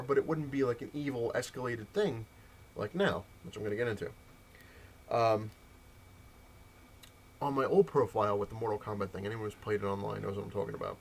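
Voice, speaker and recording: A man's voice: fairly low pitch, gravelly, a little hiss or hum. A man in his thirties hosting a casual video rant, telling a rambling story and mimicking the people he quotes. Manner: rambling storyteller, mocks the voices of gamers he quotes. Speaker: comic shop video host.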